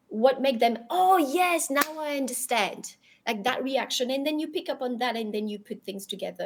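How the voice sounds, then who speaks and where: A woman with a French accent speaks in a fairly high voice as an interview guest. She talks animatedly and often restarts or repeats words while she searches for her English phrasing. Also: darkish tone. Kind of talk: casual interview conversation.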